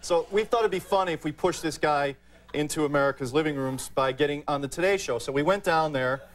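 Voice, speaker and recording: A man, a comedian guest, telling a deadpan anecdote with many fillers in a TV studio. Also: on the high side, fairly quick. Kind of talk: talk-show anecdote.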